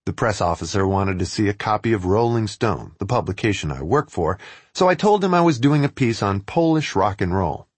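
Man, wry storytelling read, husky voice, animated pitch, close and dry. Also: a little fast, no room sound. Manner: wry, sardonic. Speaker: writer reading his own travel piece. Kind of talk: first-person narration read aloud.

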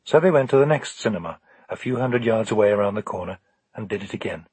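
A man narrating an audiobook in a calm, measured storytelling manner. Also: on the low side, slightly rough, no echo.

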